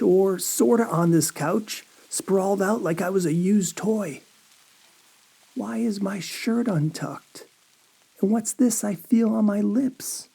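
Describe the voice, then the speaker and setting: Slow, mellow-voiced man reading horror. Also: on the high side, husky. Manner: dazed, anxious inner monologue with many halting questions. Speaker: horror story narrator. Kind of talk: first-person horror audiobook reading.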